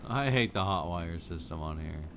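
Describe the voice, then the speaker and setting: A man's voice: low-pitched, moderate pace, a little hiss or hum. A middle-aged man streaming a game from his home setup into a studio microphone, chatting casually and rambling, sleepy and yawning now and then. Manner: relaxed, rambling, sleepy with frequent yawns. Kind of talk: casual chat with viewers while playing. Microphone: studio microphone with wired headphones.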